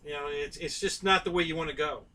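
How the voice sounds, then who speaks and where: A man's voice: on the high side, quick pace, bright, forceful tone, far from the mic, a little hiss or hum, rough recording. A middle-aged man, hosting a casual live stream and rambling to his viewers by name.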